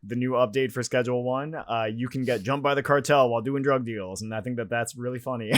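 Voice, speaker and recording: A man's voice: medium pitch, steady tone, fast talker. A man co-hosting a podcast in casual chat, laid-back, swearing freely and laughing often. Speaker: podcast co-host.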